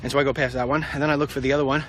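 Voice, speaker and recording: A middle-aged man rambling in a casual vlog while out walking, a bit out of breath, with sudden excited outbursts. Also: racing, slight background noise. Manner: animated, jumps into high excited outbursts. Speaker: vlogger.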